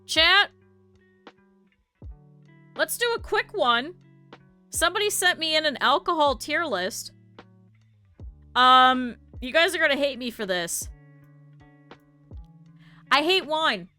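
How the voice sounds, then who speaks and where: Bright-voiced streamer woman, blunt and sweary. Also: sits high, takes it slowly, long pauses, soft background music. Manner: blunt, swears freely, animated quoted asides. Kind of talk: casual chat to a live chat.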